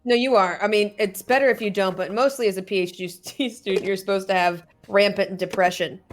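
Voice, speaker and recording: A woman's voice: mid-range voice, steady tone, brisk. A woman co-casting a live game, teasing and giggly in her banter. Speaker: esports co-caster.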